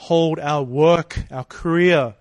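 Guy giving a sermon, kinda high voice, chatty, keeps saying "right?", dry close sound. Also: steady tone, slow pace, dry recording. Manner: conversational, rhetorical questions, frequent "right?" and "you know". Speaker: preacher.

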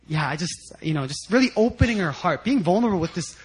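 A young man preaching a sermon, telling a personal story in a lively, animated way and often laughing as he talks. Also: high-pitched, fast, breathy edge. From United States. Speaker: pastor.

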